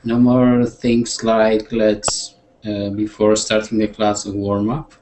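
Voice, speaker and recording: A man who is not a native English speaker, talking haltingly as a student in an online English class. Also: lowish voice, completely flat delivery, a little mellow, a little hiss or hum, low-quality recording. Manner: halting, searching for words.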